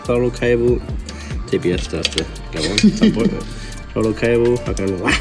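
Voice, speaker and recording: Excited man in a garage vlog. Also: mid-range voice, gravelly. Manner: excited, joking, rattles off parts in quick bursts. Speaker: car builder and channel host. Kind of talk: casual workshop vlog. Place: home garage workshop. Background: music.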